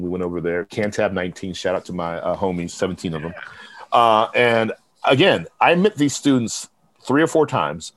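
Animated lower-pitched man telling stories. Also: no echo. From Texas. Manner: animated, quotes others in lively bursts. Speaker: professor and program director. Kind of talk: conversational interview storytelling.

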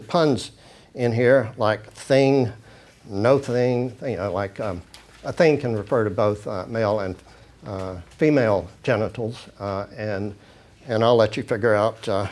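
A man's voice: fairly low pitch, darkish tone. A man giving an informal lecture, reading passages from handouts and breaking off with many fillers and restarts. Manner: reads quoted passages then comments casually.

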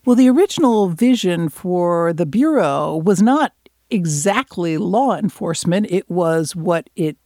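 A guest in an interview talks through their research, thoughtful and explanatory, with frequent ums and uhs. The voice sits in the middle range and has a gravelly, creaky edge. The sound is close and dry. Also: mid-range voice, animated, a little slow, a little mellow, no echo. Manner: thoughtful, explanatory, many fillers. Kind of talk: conversational interview.

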